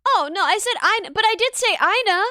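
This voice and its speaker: Very high, bright-voiced giggly woman. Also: lively intonation, quick pace, no room sound, studio quality. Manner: giggly, bubbly, self-deprecating. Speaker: streamer. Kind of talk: casual livestream chat.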